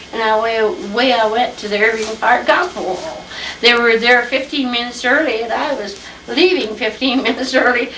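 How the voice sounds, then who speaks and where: An older woman from Iowa tells a family history story in an unhurried, chatty way. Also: on the high side, fairly bright tone. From Iowa, USA. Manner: unhurried, chatty, acts out old conversations. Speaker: interviewee telling family history. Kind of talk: reminiscing storytelling. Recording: roomy home recording, distant mic, faint hiss.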